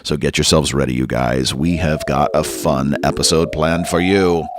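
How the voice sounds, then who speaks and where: A man's voice: very deep voice, steady tone, normal speed, over music. A man hosting a podcast in a playful, upbeat manner, chatting casually into a podcast microphone. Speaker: podcast host and guitarist.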